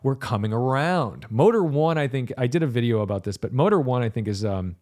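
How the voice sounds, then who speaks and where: A male car reviewer hosts a solo podcast in a loose, rambling monologue. His voice sits at an ordinary middle pitch, and his tone turns sarcastic as he drifts into mock quotes. He sounds casual and unscripted throughout. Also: animated, brisk, darkish tone.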